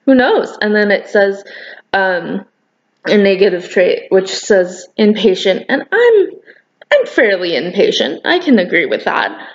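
Young woman, slow rambling chat, gushing, muffled lo-fi sound. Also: medium pitch, big pitch swings. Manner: rambling, gushing, many fillers. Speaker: knitting podcast host. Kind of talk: casual chat to camera.

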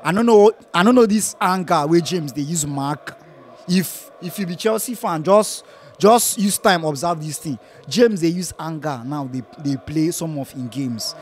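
High-voiced Nigerian fan, Pidgin English. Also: male voice, normal speed, slight background noise. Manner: lively, laughs often, repeats phrases. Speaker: football fan giving match reaction. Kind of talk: casual post-match chat.

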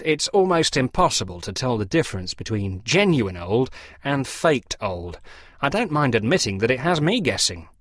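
A man's voice: mid-range voice, fairly bright tone, dry recording, clean studio sound. A man voicing a fussy, pompous middle-aged clergyman who lectures in a precise, theatrical way.

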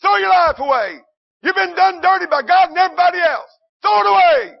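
A man voicing the scornful, tempting voice of the world, shouting high and mocking. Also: a little fast, gravelly. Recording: dull lo-fi recording.

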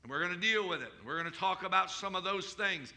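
Bright-voiced preacher man. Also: high voice, fast talker. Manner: preacher calling out to the congregation with questions; rises to shouted declarations in prayer. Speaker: pastor. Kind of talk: sermon. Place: church service.

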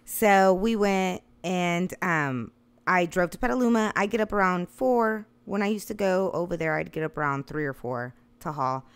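A woman's voice: lowish voice, moderate pace, clean tone. A woman in her thirties casually telling a long funny story, swearing freely and laughing along the way. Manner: profane, animated, laughing. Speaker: storyteller guest.

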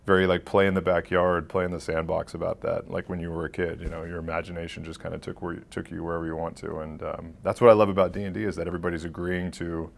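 Deep gravelly guy chatting about voice acting, lots of ums and laughs. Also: flat delivery, fast talker, few pauses. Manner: rambling, laughs often, many fillers. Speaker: voice actor guest. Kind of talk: casual interview answers.

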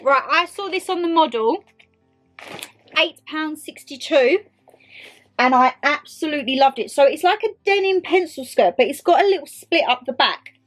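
A young British woman chatting excitedly to viewers and to her clothes in a casual haul video. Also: high-pitched, normal speed. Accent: British English. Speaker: vlogger. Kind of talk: casual try-on haul chat.

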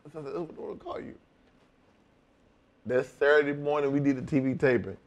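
A man's voice: mid-range voice, brisk, lo-fi sound. A middle-aged man telling a story in a casual interview, profane and laughing, acting out both sides of each exchange. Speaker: wrestling guest telling stories.

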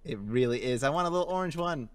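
A woman's voice: a bass voice, animated, fast. A woman co-playing a game session, chatting casually in a laid-back, giggly way. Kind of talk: casual gameplay chat.

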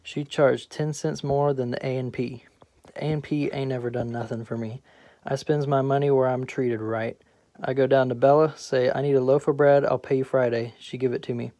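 A swaggering, boastful middle-aged husband spins yarns and teases his friend, as a man reads him aloud. The voice is mellow, with a flat, even lilt. It sounds dry and close. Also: mid-range voice, moderate pace, dry recording, natural voice. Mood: stubborn. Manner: swaggering, teasing, storytelling. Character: Troy, brash boastful middle-aged male garbage collector.

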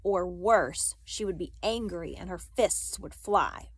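Lady reading a kids novel out loud, careful, fixes her slips, dry close sound. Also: lowish voice, takes it slowly, husky, no room sound. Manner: careful, with small slips and self-corrections. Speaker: reader.

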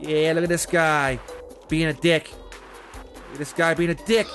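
A young man giving excitable, casual gameplay commentary as the channel's host, swearing often and breaking into loud outbursts. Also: high voice, moderate pace, soft background music.

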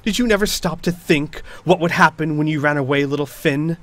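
A man's voice: a little high, big pitch swings, a little slow, a bit bright, dry recording. A man voicing a bitter, vengeful woman knight who spits out taunting words at an old friend.

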